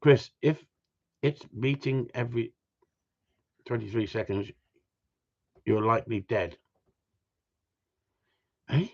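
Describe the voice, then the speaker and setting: A man chats to his livestream audience in a joking, teasing way, laughing often between lines. His voice sits at a middle pitch for a man. The stream audio sounds dull and lo-fi. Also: slow pace, creaky, pauses often. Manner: joking, banters with chat, frequent laughs. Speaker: livestream host. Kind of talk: casual livestream chat.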